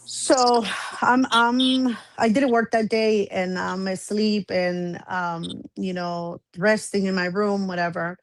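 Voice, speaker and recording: A woman guest telling a personal story in casual chat, animated, acting out the back-and-forth she describes. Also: medium pitch, takes it slowly, no echo. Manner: animated, acts out quoted exchanges.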